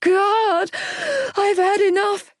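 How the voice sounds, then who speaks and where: A woman's voice: extremely high pitch, level tone, drawn-out words, no echo, studio quality, pitched above the performer's own voice, heavily acted. A woman voicing a young woman in labour, crying out in pain and pleading, for an audiobook. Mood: pained, panicked. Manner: pleading, breathless cries.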